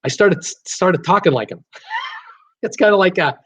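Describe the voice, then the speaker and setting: A man's voice: high-pitched, lively intonation, normal speed, breathy edge. A man from Canada with a slight Canadian accent hosts a casual live stream, reading out chat messages and answering with lots of laughs and fillers. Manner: chatty, laughs often, many fillers and restarts. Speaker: cruise channel host reading live chat. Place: home room with computer.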